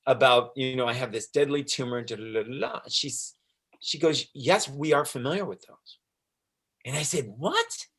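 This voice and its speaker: Telling the story of being an interview guest, this man brings a medium pitch and a fairly bright tone. It's casual, animated storytelling, with the dialogue performed out loud and frequent laughter.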